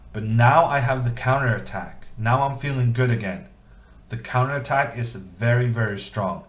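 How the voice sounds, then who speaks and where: A man streaming chess, thinking aloud in a casual, self-deprecating way with many fillers. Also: on the low side. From Norway. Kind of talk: casual live-stream commentary. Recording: echoey room.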